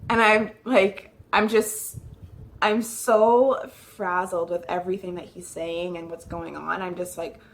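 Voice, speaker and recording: Speaking to the camera in an unhurried, fairly even tone, this woman has a voice on the low side. Her vlog is a loose, casual retelling of a nervous and upsetting visit, peppered with "like" and sentences she starts over.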